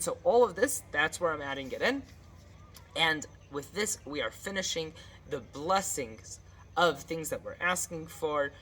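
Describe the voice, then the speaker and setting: Low-pitched woman teaching conversationally. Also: fairly bright tone, a little hiss or hum. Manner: conversational, often adds a questioning "right?"; earnest and pleading when voicing prayers. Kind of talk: casual spoken lesson.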